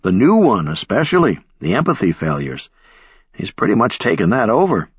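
A man reading aloud voicing a brisk, dry-humored male scientist colleague who talks in a clipped, matter-of-fact way. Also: on the low side, wildly swooping pitch, husky, dry recording, highs cut off, full character voice.

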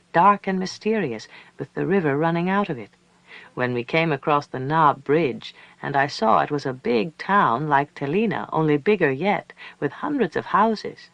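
A man narrating a story aloud in a calm, measured, reflective way. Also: a little high, gravelly, dry recording, lo-fi sound. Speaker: audiobook narrator. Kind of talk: scripted narration.

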